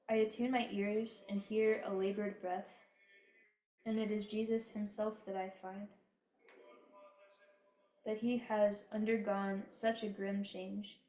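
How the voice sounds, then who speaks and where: A woman giving a slow, solemn devotional reading in a prayerful, measured manner. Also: medium pitch, a little mellow. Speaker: devotional reader. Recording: echoey room.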